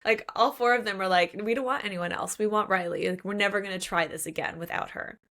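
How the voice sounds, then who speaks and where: A woman's voice: mid-range voice, fast, bright, forceful tone. A woman co-hosting a book podcast, retelling a plot in casual chat and acting out the characters' lines. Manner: frequent "like" fillers. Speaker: podcast co-host.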